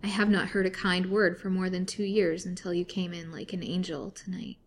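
A woman's voice: fairly low pitch, fairly even intonation, normal speed, a little hiss or hum, lightly acted. A woman voicing a starving imprisoned woman who pleads desperately, in a storybook reading. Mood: pleading. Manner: imploring, mournful storybook reading.

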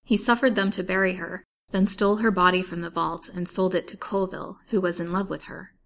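A woman's voice: on the low side, fairly even intonation, brisk, a bit bright, a little hiss or hum. A woman reading aloud in the voice of a weak, bitterly wronged young wife, earnest and pleading.

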